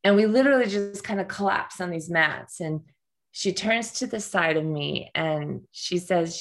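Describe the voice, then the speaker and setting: Brief: middle-aged woman guest, low gravelly voice, earnest storyteller who stumbles and repeats. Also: expressive, normal speed. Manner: earnest, frequent restarts and repetitions. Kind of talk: personal storytelling in conversation.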